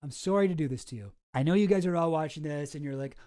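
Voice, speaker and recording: A man's voice: on the high side, fast talker, dark tone, no echo, clean studio sound. A man hosting a casual commentary, reading messages aloud with sarcasm, laughter and swearing. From outside the US. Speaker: commentary host.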